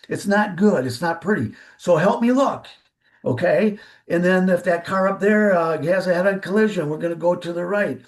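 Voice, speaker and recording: Folksy older man, higher pitched. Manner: folksy, rambling, with restarts. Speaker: driver safety expert guest. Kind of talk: storytelling anecdote.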